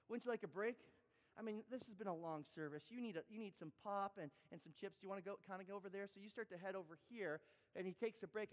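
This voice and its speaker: A man preaching a sermon with props and demonstrations, animated and repetitive, stammering as he restarts. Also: high voice, fast. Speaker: pastor. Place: church hall. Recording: dull sound in a large reverberant hall.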